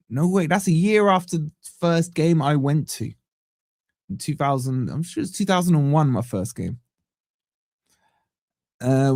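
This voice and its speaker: A man hosting a live football watch-along stream from a home setup. He banters with viewers and gives them shout-outs. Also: a little high, dry recording, studio quality. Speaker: fan channel host.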